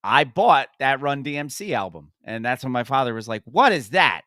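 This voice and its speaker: A man's voice: mid-range voice, fairly quick, fairly bright tone, dry recording, studio quality. A middle-aged man hosting a podcast, telling stories in casual chat. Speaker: podcast host.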